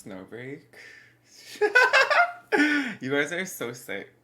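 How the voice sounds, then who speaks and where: Bright-voiced congested young woman streamer. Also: extremely low pitch, animated, a little slow. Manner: rambling, chatty, answering chat. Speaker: livestreamer. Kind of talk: casual livestream chat.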